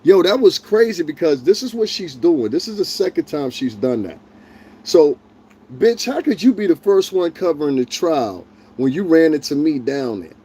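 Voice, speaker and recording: A man's voice: on the high side, big pitch swings, moderate pace, mellow, husky. A man hosting a livestream, ranting in a heated, profane, confrontational way and talking directly to his chat viewers. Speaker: livestream host.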